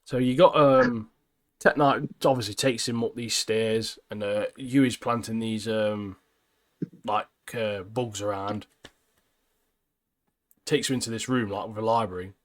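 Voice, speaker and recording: A man's voice: lowish voice, fairly even intonation, a little slow, pauses often. A man co-hosting a podcast, animatedly retelling scenes in casual chat and often ending phrases with "mate". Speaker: podcast co-host.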